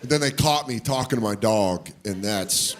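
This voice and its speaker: A middle-aged man doing a stand-up comedy routine, loud and animated, breaking into shouted put-on voices. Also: on the low side, moderate pace. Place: comedy club stage before a laughing audience. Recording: live club recording with crowd noise.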